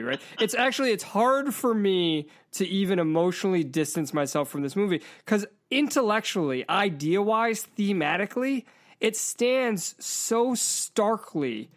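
A man hosting a casual podcast, joking and laughing as he talks and reviews films. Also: fairly high pitch. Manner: animated, joking, laughs while talking. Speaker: podcast host and movie reviewer. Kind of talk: casual chat.

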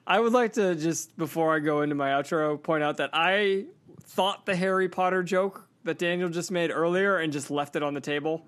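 A man's voice: a little high, normal speed, fairly bright tone. A man co-hosting a podcast in casual chat, trading teasing wisecracks. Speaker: podcast co-host.

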